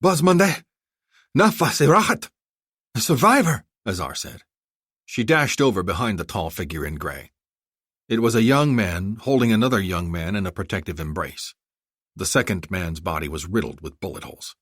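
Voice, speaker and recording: A man narrating a thriller audiobook in a dramatic, measured way. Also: deep voice, expressive, dry recording, studio quality. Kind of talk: scripted narration.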